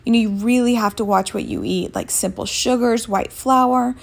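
A woman mimicking a brisk, rushed woman doctor who fires off curt, clipped questions. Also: fairly high pitch, steady tone, creaky.

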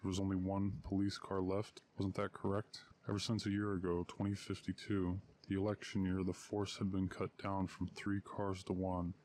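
A man narrating short stories in a measured, unhurried reading. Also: low voice, monotone, a little mellow, slight background noise. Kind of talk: audiobook story reading.

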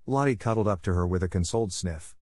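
Low-voiced male audiobook narrator. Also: quick pace, warm tone, no echo, studio quality. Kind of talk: scripted narration for language learners.

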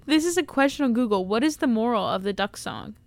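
A playful young woman co-hosting a podcast, who keeps breaking into bits of songs. Her voice sits a little high. The sound is dry and close. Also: animated, fast talker, no room sound. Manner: playful, sings snatches of songs. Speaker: podcast co-host. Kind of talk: casual chat.

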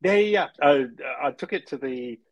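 A man's voice: on the high side, expressive, normal speed, dry recording, rough recording. A man as a podcast guest, chatting casually and explaining at length, laughing often and restarting phrases. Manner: explanatory, talks in long runs. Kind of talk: casual interview chat.

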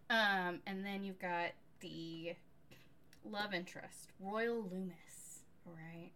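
A woman co-hosts a casual book-review podcast, recapping a novel in an animated, sarcastic way and swearing casually. Her voice is lowish and her pace slow.

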